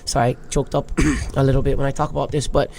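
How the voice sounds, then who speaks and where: Male surfer from Hawaii, 30s, gravelly and candid, casual swearing. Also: mid-range voice, flat delivery, fast, darkish tone, slight background noise. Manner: open, emotional, swears casually. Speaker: guest, big wave surfer. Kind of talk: candid podcast storytelling.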